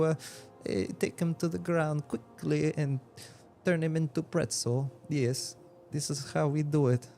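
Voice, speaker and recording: Give me a man doing a blunt fatherly self-defence coach in broken English, dark and gravelly. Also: a little high, voice pushed up. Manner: halting, broken English, lots of "uh".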